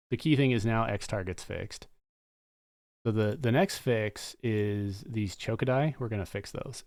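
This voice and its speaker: Low, gravelly man thinking aloud. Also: a little mellow, no room sound, studio quality. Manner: casual, muttering asides and fillers. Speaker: streamer and game developer. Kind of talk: live coding stream, thinking aloud.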